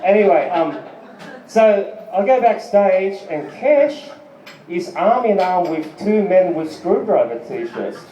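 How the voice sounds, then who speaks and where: A middle-aged stand-up comedian performs a rambling, profane set on a live music club stage, laughing as he tells his stories. His mellow voice sits high with big pitch swings and a slow pace, in an echoey, dull club recording.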